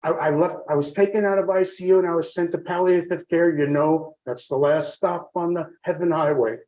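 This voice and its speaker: A man's voice: fairly high pitch, steady tone, a little fast, darkish tone, low-quality recording. A man telling his own story on a podcast as a guest, rambling and heartfelt, with many fillers and restarts.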